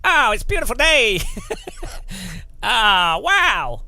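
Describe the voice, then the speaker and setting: A man's voice: very high-pitched, big pitch swings, takes it slowly, creaky, pushed and bright, dry recording, pitched above the performer's own voice, exaggerated voice. A man putting on the voice of an overly cheerful American waiter, gushing and sing-song. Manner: gushing, sing-song, over-the-top enthusiasm.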